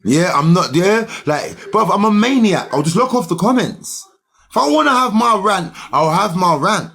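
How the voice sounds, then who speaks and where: A young man rants heatedly at his livestream commenters. His husky voice sits high and swings widely in pitch as he argues. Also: very animated, normal speed, bright, forceful tone. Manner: heated, argumentative, slangy. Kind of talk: ranting livestream monologue.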